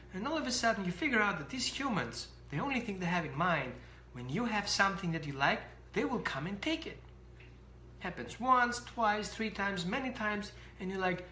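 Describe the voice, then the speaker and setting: A dog trainer giving an animated explanatory talk to camera, acting out little scenes. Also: mid-range voice, normal speed, reverberant, slight background noise.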